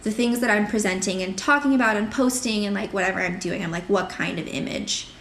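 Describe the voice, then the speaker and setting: Woman, podcast guest, casual chat, animated storytelling, mid pitch, echoey room. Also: fast, slight background noise. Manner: animated storyteller who acts out her own past remarks.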